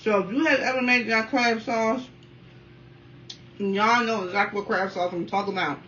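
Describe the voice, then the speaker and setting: A talkative mukbang vlogger in her 30s from the Washington, D.C. area reviews food casually while eating, repeatedly calling viewers "y'all." Her bright voice is on the high side, steady in tone, at a moderate pace. The sound is dull and slightly distant with faint room noise.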